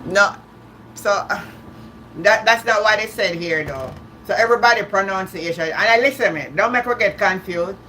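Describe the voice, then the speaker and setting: A woman chats loosely with viewers on a livestream, restarting her sentences and laughing along the way. Her voice is bright and ringing, with a faint hiss behind it. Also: medium pitch, normal speed. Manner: chatty, repeats and restarts words, laughs often. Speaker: livestream host. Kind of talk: casual live-stream chat.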